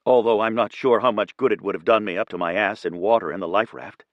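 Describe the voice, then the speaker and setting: A male narrator voicing a weary, wry woman who talks with quiet, dry understatement. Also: on the low side, steady tone, fast, no echo, lo-fi sound, close to an everyday voice.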